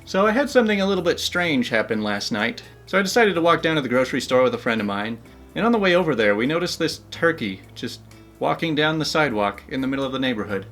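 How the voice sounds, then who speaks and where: A man's voice: mid-range voice, very animated, quick pace, fairly bright tone, faint music behind. A man hosting a story channel, narrating online stories in an upbeat, chatty way. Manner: upbeat, chatty, laughs between asides.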